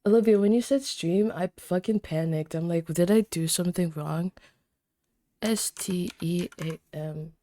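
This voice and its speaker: Chatty young woman streamer, mellow voice. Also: on the low side, measured pace, dry recording. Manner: chatty, excitable, swears freely, greets viewers by name. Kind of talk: casual chat with stream viewers.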